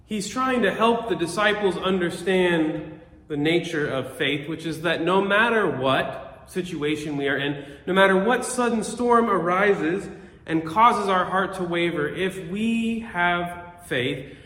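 A man gives an earnest, reflective sermon, recorded on a phone. His voice sits a little high for a man and moves in measured phrases. The room around him is echoey, with a long reverb trailing each line. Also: a bit bright. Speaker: pastor.

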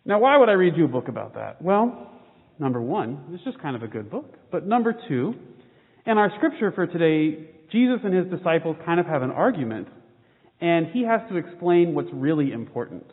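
Pastor guy reading a kids book out loud, high lively voice, tinny and echoey like a phone in a big hall. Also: moderate pace. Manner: animated read-aloud. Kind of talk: children's sermon with storybook reading. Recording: phone-like boomy hall sound.

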